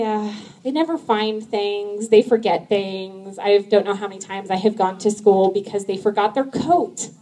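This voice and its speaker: A woman in her thirties performs a stand-up comedy set, chatty and laughing often, full of likes and ums. Her voice is a little mellow and jumps high whenever she quotes herself.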